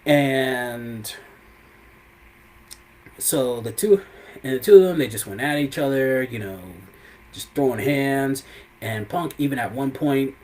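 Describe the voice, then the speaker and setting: Rambling man with a mid-pitched voice. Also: slow, long pauses, a little mellow, rough recording. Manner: rambling, lots of "you know" and "I mean" fillers. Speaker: live show host. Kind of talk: casual wrestling recap.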